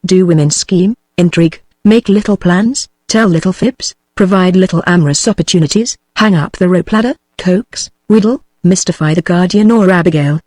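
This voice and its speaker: High-pitched synthetic male audiobook voice. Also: no room sound. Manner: even machine reading, reads punctuation aloud. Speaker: audiobook narrator. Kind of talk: synthetic text-to-speech book reading.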